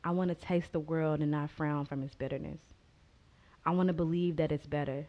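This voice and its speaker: A woman's voice: low-pitched, steady tone, a little fast, dull audio. A woman from Oklahoma who performs spoken word poetry and talks in a heartfelt, earnest way. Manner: heartfelt, earnest, and loud with laughter when chatting. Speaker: spoken word poet, guest.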